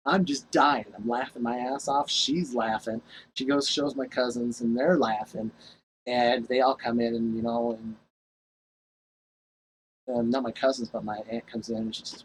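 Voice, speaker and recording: A man's voice: mid-range voice, moderate pace, long pauses, low-quality recording. Man talking to his own camera, loose and salty, mid-range voice, light hiss behind. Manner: rambling, profane, laughs at his own story. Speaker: vlogger. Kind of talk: casual storytelling to camera.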